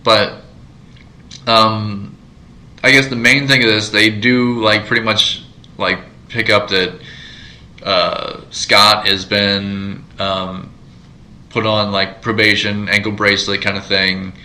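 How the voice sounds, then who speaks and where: A man with a fairly low but very bright, cutting voice chats casually on a podcast. He rambles through his thoughts, stalling on fillers and restarting his sentences. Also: level tone, takes it slowly, rough recording. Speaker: podcast co-host. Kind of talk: casual chat.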